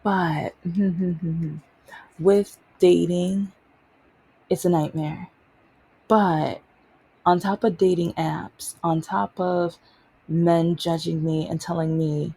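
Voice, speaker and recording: A woman telling stories in a casual vlog, exasperated and animated, mocking the things people say to her. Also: on the low side, very slow, gravelly, pauses often, breathy edge. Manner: animated, exasperated retelling with mocking quoted voices. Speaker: vlogger.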